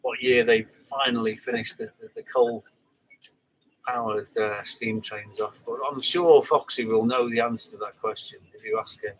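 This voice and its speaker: A man's voice: mid-range voice, steady tone, normal speed, poor audio. Older man hosting a live stream, a chatty and rambling talker with a faint hiss of noise behind him. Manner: rambling, chatty, with frequent fillers and restarts. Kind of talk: casual live-stream chat reading comments.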